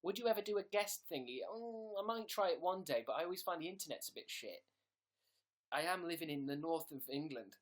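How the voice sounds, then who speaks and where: A man's voice: fairly high pitch, lively intonation, brisk. A young man casually hosting a livestream, reading viewer messages aloud and thanking them by name. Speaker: livestream host.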